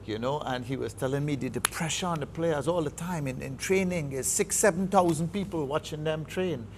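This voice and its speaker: Trinidadian man, football coach, gravelly voice, emphatic and repetitive in a studio interview. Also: a little high, brisk, slight background noise. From Trinidad and Tobago. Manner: emphatic, repeats words heavily while building a point.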